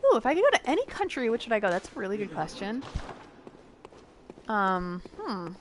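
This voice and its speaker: A woman's voice: medium pitch, very animated, brisk, a little hiss or hum. A young American woman streaming a game, chatting casually with viewers in a giggly, rambling way. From United States. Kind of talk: casual gameplay chat with viewers.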